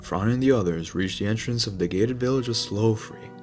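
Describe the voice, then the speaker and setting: A man narrating a fantasy audiobook in a steady storytelling manner. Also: fairly low pitch, brisk, faint music behind. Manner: steady storytelling, voices every figure.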